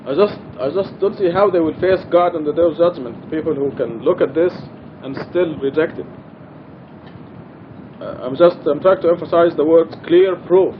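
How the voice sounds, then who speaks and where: A man's voice: a little high, moderate pace, lo-fi sound, noisy background. A man teaching a religious study class in a mosque, speaking earnestly and repeating his key points for emphasis.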